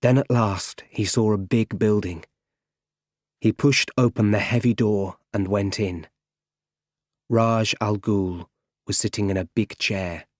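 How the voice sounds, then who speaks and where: A man narrating an audiobook in slow, plain storytelling. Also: on the low side, no room sound, studio quality.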